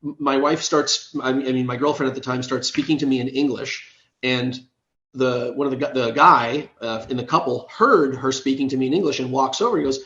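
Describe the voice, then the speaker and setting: A man's voice: medium pitch, a little fast, a bit bright, echoey room, lo-fi sound. A man, an app co-founder, casually telling a story in a podcast interview, often checking in with "right?". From United States.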